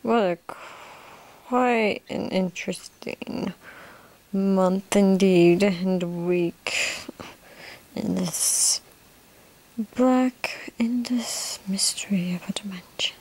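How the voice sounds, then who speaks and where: A woman voicing a smug male cannibal mastermind in an amateur role-play monologue, slipping into soft whispers. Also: mid-range voice. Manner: slow, drifting into soft whispers.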